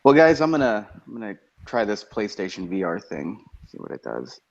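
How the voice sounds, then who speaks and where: A man's voice: on the low side, very animated, normal speed. A laid-back man chatting casually in an online voice lobby. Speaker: gamer in voice chat. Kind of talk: casual chat. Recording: dull lo-fi chat audio.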